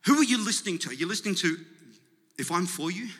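A male pastor preaching to his congregation, his high, very bright and forceful voice climbing into emphatic, rousing calls. The sound carries a long reverb from a large church hall. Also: expressive, fast talker, slightly rough. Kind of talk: sermon.

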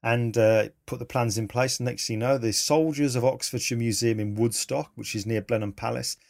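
A man, a photographer telling animated, enthusiastic stories in a casual interview. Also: medium pitch, fairly quick, vocal fry. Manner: animated, enthusiastic, laughs mid-story.

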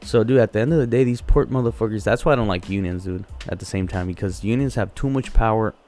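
A man with a lowish voice talks in a heated, profane rant, stacking curse words and restarting phrases. Faint music plays behind him. It sounds like loose podcast chat between friends. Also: quick pace, a little mellow. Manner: heated, swears constantly, repeats words. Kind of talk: casual profane storytelling.

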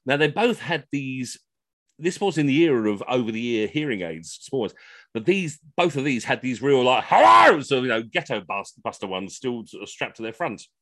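A middle-aged man telling comic anecdotes on a video call, animated and slipping into funny voices for the people in his stories. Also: medium pitch, normal speed, no echo. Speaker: costumed Henry VIII entertainer telling stories.

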